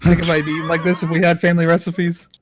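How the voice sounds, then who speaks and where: High-voiced man telling a wild story. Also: quick pace, faint music behind. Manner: animated storyteller, acts out quotes, swears freely. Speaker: podcast co-host. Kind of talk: casual storytelling chat.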